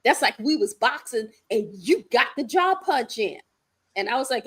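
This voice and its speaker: Woman, co-host, casual chat, playful, high voice, very expressive pitch. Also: normal speed, slightly rough. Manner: animated, laughing, playful.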